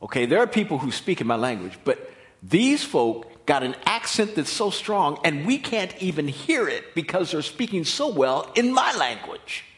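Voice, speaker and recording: A man's voice: fairly high pitch, very animated, moderate pace, fairly bright tone. A man with an American accent voicing a bewildered crowd that mocks the speakers as drunk. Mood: baffled. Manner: incredulous, mocking. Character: bewildered scoffing crowd of men.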